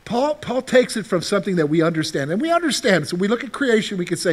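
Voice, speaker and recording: A man preaching a sermon with a high, lively voice that rises and falls widely. He keeps turning to the congregation with rhetorical questions. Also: fast. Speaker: pastor.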